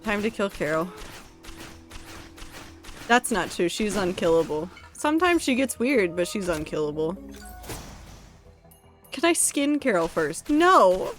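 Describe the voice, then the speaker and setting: A woman's voice: on the low side, lively intonation, normal speed, long pauses, soft background music. A woman streamer chatting casually while gaming, rambling and teasing her chat in a playful, self-mocking way.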